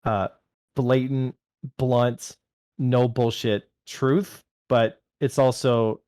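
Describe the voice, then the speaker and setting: A man's voice: medium pitch, steady tone, moderate pace, a little mellow, no room sound, studio quality. Blunt, swearing male podcast guest. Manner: blunt, swears casually, laughs while telling stories. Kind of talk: casual gaming chat.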